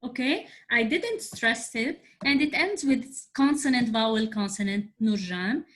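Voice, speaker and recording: A woman teaching an online English grammar class, explaining slowly, spelling things out letter by letter and often checking that students follow. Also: on the high side, animated, a bit bright. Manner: slow, spelled-out explanations with frequent check-ins. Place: at home on a video call. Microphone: video call.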